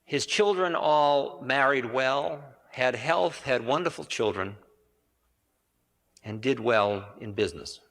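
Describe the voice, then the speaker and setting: A man's voice: mid-range voice, animated, takes it slowly, a bit bright. A man giving a spiritual storytelling lecture in a rambling, conversational way, correcting himself and adding asides. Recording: reverberant 1980 hall recording.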